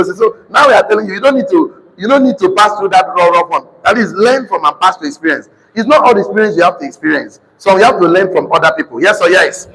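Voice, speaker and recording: A man with a Nigerian accent preaching to a live congregation, calling for responses and slowly repeating key lines for notes. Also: high-pitched. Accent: Nigerian English. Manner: sudden shouted emphasis. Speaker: motivational preacher. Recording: reverberant hall.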